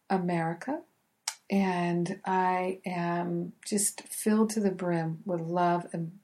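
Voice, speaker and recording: A woman leading a guided spoken prayer in soft, affirming, repetitive phrases, with gentle laughter between them. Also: on the low side. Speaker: prayer leader.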